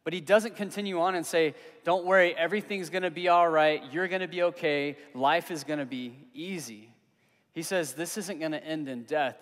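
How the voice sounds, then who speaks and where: A young man preaching a sermon as pastor, earnest and conversational, pausing for emphasis on key words. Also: a little high. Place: church hall. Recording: long reverb of a hall.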